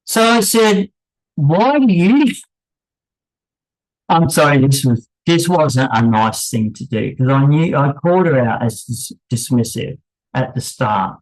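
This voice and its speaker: A man hosting his own channel, speaking in unscripted commentary with halting, pausing delivery and wry, apologetic asides. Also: mid-range voice, lively intonation, rough recording. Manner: halting, pausing, with many restarts. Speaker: channel host.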